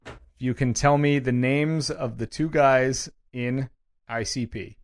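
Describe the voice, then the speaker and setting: A young man co-hosting a podcast in casual, joking banter, reading off show plugs briskly. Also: medium pitch, fairly even intonation, clean tone. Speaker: podcast co-host.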